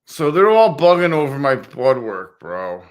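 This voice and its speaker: A motovlogger in his fifties chats casually on a livestream to viewers, rambling and swearing, and mimics other people in a raised voice. His voice is medium-pitched and very animated, moving at a measured pace.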